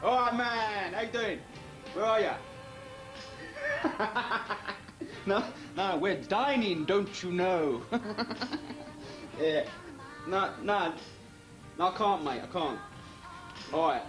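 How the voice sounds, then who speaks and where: An actor playing a cheeky young footballer from South London, full of jokey banter. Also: male voice, sits high, slow pace, long pauses, roomy sound, over music. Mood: chatty. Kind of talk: TV drama dialogue.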